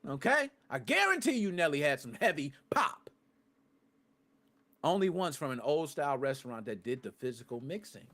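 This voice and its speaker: Animated high-pitched man hosting a gaming podcast. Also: moderate pace. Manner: excitable, loud bursts and rants, swears freely; talks to live chat viewers. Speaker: podcast host. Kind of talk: live streamed gaming podcast chat.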